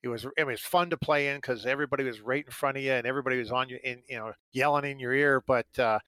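A man's voice: medium pitch, fairly even intonation, rapid-fire, sharp tone, smooth, no echo, poor audio. A middle-aged man from Canada, a former hockey player, telling long rambling stories in an interview with lots of fillers. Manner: rambling anecdotes full of fillers, acting out quotes. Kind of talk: storytelling in an interview.

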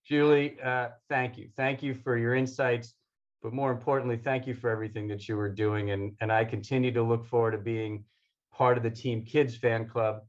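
A man's voice: medium pitch, little pitch movement. Earnest man on a dull, lo-fi recording. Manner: earnest, halting, repeats words. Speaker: host. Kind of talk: closing remarks in a conversation.

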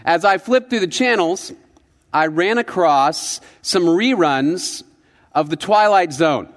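A man's voice: sits high, lively intonation, slow. A man preaching a sermon as a pastor, in a conversational, reflective storytelling manner. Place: church sanctuary. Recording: long church-hall reverb.

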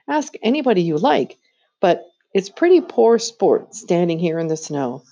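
A woman's voice: on the low side, sing-song, normal speed, dark tone. A woman voicing a sulky, greedy young boy who pleads and snaps, in a storybook reading. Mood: snappish. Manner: pleading, snappish.

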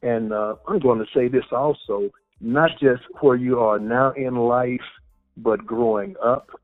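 A man's voice: medium pitch, fairly even intonation, unhurried. A male podcast host with a mid-range voice tells a childhood story reflectively. He often affirms his guest as they talk. The sound is narrow and phone-like, with faint music underneath. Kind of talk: conversational interview.

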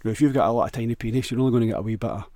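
A man's voice: mid-range voice, racing, warm tone, dry recording. A man with a Scottish accent rambling crudely through a jokey solo monologue, often restarting and stumbling over words.

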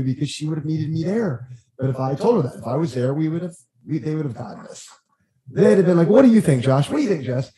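A man guesting on a podcast, telling stories in a lively, rambling way and acting out what others said. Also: on the high side, low-quality recording. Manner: animated, acts out quotes, frequent restarts. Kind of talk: casual storytelling chat.

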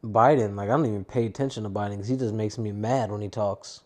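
A young adult man talks alone into his podcast mic, rambling and swearing with a tired, downbeat edge. His voice is mellow and warm, never bright. He drifts loosely from one gripe to the next. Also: on the low side, fairly even intonation, fast talker. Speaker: podcast host. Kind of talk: casual solo podcast rant.

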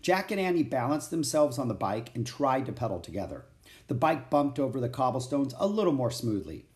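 A man's voice: medium pitch, fairly quick. Man reading a children's book aloud. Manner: clear, steady storytelling. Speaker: narrator.

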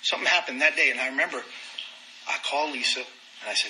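A man candidly telling his own recovery story, animated and self-deprecating. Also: medium pitch, quick pace, pauses often, background noise. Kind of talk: personal testimony talk.

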